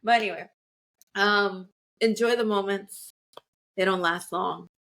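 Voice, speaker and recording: A woman's voice: mid-range voice, unhurried, a bit bright. A woman co-hosting a podcast in casual chat, talking in a reflective, rambling way with many fillers. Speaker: podcast co-host.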